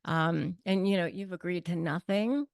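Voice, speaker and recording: Gravelly low-voiced woman giving blunt advice. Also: moderate pace, no echo, studio quality. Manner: blunt, emphatic, coaching tone. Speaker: guest expert on negotiation. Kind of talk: conversational advice.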